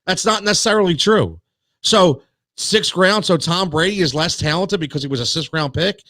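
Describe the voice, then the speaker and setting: A man's voice: fairly high pitch, moderate pace, fairly bright tone, no echo. A man hosting a sports talk show, ranting in a heated, worked-up way with many restarts and repeated words.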